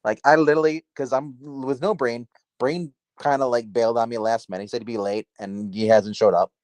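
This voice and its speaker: A man's voice: mid-range voice, fairly even intonation, brisk, darkish tone, dry recording. Rambling man on a dry home mic. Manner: rambling, self-interrupting, filler-heavy. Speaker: comic book livestream host. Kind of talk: casual livestream chat. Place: dark room at home. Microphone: phone.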